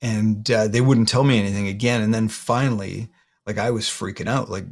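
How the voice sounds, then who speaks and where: A man, a guest in an interview, retelling a painful personal story haltingly, often repeating words. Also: lowish voice, fairly even intonation.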